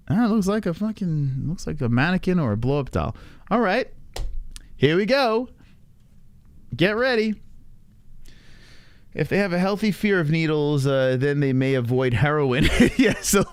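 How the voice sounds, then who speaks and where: A man's voice: fairly high pitch, very animated, measured pace, long pauses, no echo. A man hosting a livestream, reacting to a clip with crude, mocking commentary and frequent laughter. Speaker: livestream host.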